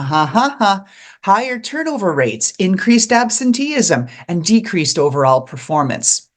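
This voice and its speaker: Animated host giving workplace advice. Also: mid-range voice. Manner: animated, acts out quoted people. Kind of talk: advice talk to camera.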